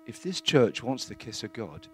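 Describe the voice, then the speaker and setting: A man giving a plain-spoken, earnest testimony in church, halting now and then with fillers. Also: medium pitch, sing-song, a little mellow.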